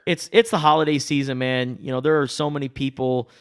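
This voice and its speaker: A man co-hosting a podcast, talking in a quick, animated, joking way. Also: medium pitch, clean tone. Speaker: podcast co-host. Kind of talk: casual chat.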